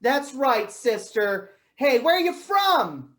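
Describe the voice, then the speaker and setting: A woman's voice: high-pitched, very animated, slow, fairly bright tone, heavily acted. A woman playing a gushing tree-hugging rally mom. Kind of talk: improv comedy scene.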